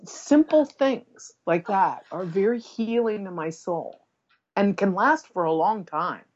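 A woman guest, an aromatherapist, speaking gently and earnestly in casual conversation. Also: medium pitch, lively intonation, slow pace, muffled recording.

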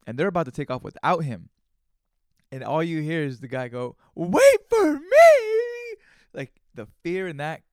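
A man's voice: mid-range voice, vocal fry, no echo, clean studio sound. A man hosting his own podcast, telling a rambling, profane story in casual, conversational speech. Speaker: podcast host. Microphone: studio microphone.

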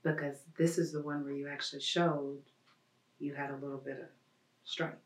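Flat-voiced host asking questions, echoey. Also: mid-range voice, normal speed. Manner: calm, probing questions and short affirmations. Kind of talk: interview questions. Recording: roomy echo, mic at a distance.

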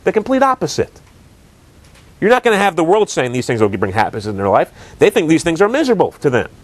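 A man's voice: a little high, wildly swooping pitch, fast, dry recording. A man preaching a sermon, earnest and direct, asking rhetorical questions and building emphasis.

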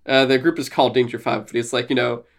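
A young man co-hosting a podcast in casual chat, excited and swearing often, laughing and putting on silly voices. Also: mid-range voice, fast talker, vocal fry. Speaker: podcast co-host.

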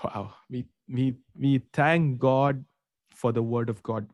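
A man hosting a faith talk show as a pastor, speaking with emphatic, drawn-out preaching phrasing. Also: mid-range voice, a little mellow, no echo. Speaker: host and pastor.

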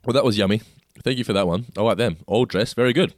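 A man's voice: lowish voice, quick pace, no room sound, clean studio sound. A man, co-hosting a casual snack taste test and describing each food with enthusiasm. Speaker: co-host.

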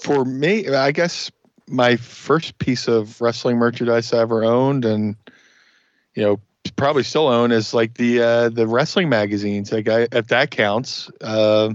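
A male podcast guest speaks in a relaxed, slightly halting way. His voice comes through dull and muffled in the high end, with a dry, close sound and no room echo. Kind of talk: casual chat.

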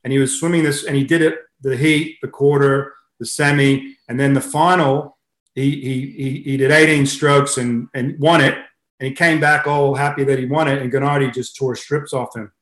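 A man's voice: medium pitch, fairly even intonation, moderate pace, a bit bright, roomy sound. A middle-aged Australian man, a swimming coach being interviewed, who chats casually and tells stories with many fillers and restarts. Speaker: head swimming coach, guest.

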